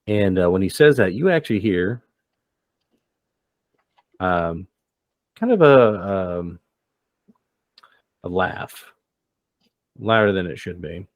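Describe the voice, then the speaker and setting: A man's voice: low-pitched, lively intonation, slow, long pauses, dry recording, dull audio. A man narrating as game master of a tabletop game, hesitant and full of fillers.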